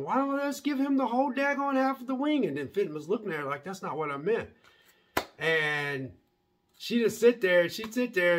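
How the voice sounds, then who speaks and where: A man talks through a TV episode in a casual recap vlog. He rambles and restarts often, and his somewhat high voice has a husky edge. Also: a bit bright. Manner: rambling, loose retelling with many restarts and fillers. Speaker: TV episode reviewer.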